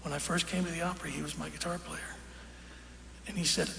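A man with a gravelly, slightly high voice tells a folksy story from a concert stage. The sound is roomy, with a long echo from the hall and audience noise clearly heard behind him. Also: level tone. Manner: folksy, unhurried, with fillers and quoted dialogue. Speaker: singer telling a story on stage. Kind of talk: onstage storytelling.

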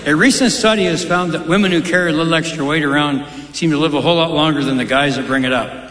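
A male comedian working a live crowd with punchy one-liners, his voice a little higher than usual. The sound rings in a large, echoing venue with audience noise behind him. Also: fast talker. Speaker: stand-up comedian. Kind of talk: stand-up comedy set.

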